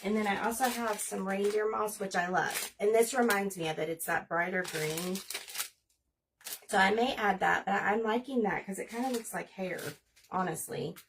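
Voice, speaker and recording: A woman's voice: medium pitch, normal speed, distant mic, a little hiss or hum. A woman in her forties chatting casually and rambling as she hosts a crafting livestream. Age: 40s. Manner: chatty, rambling, talks while working.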